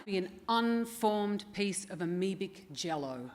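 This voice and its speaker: A woman's voice: medium pitch, lively intonation, a little slow, background noise. A woman actress answering press questions in casual banter, wry and self-mocking, laughing often.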